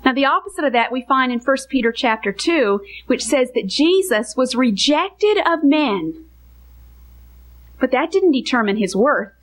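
A woman with a high voice delivers earnest Bible teaching to women. She speaks emphatically and stacks repeated parallel phrases to drive each point home. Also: lively intonation, a little slow, low-quality recording. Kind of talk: sermon-style Bible teaching.

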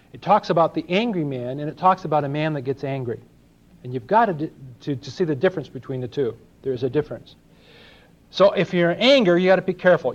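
Older preacher from LA, slightly high voice, chatty and questioning, lo-fi tape. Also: male voice. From Los Angeles. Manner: conversational, asks the congregation questions, acts out little dialogues. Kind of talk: sermon. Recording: dull lo-fi sermon recording.

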